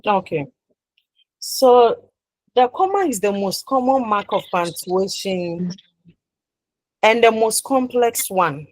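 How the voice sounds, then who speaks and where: A woman university lecturer teaches in an animated, slow manner with long pauses, her mid-pitched voice sounding close and dry with no echo. She returns to each point several times, rephrasing to check understanding, and stops on "what?" so the class can supply the answer.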